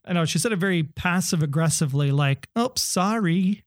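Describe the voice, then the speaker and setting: A man talking through a TV episode in a casual, speculative way, his voice sitting a little higher than most men's. The sound is dry and close, with no room around it. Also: fast, dry recording. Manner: speculative, animated, quotes lines in put-on voices. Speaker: podcast co-host. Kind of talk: casual TV recap chat.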